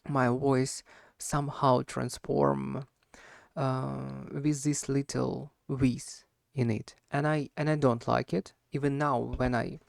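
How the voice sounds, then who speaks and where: Hesitant gravelly man, slight wheeze. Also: medium pitch, level tone, takes it slowly, no echo, studio quality. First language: not English. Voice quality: slight wheeze, harsh edge. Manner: hesitant, many fillers and self-corrections. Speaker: language learner. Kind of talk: solo speaking practice monologue.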